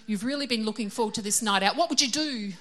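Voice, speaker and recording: A woman's voice: fairly high pitch, quick pace, fairly bright tone. A middle-aged woman giving a casual, chatty sermon. She is self-deprecating and laughs often. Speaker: preacher.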